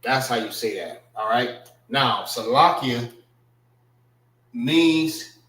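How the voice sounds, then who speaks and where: A man teaching a classroom language lesson in a casual way, repeating and spelling out words slowly. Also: medium pitch, animated, a bit bright, echoey room, low-quality recording. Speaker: class instructor.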